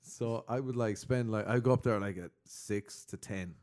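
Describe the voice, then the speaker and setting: A man's voice: lowish voice, normal speed. A young Irish man in casual chat, telling stories with lots of laughter and casual swearing. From Ireland. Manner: animated storytelling, laughs a lot, swears casually.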